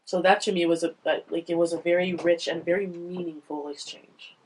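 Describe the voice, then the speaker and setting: A woman panellist on a podcast, talking through a children's book in a thoughtful, halting way. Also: fairly low pitch, level tone, husky, poor audio. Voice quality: halting, restarts often, thoughtful. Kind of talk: casual book discussion.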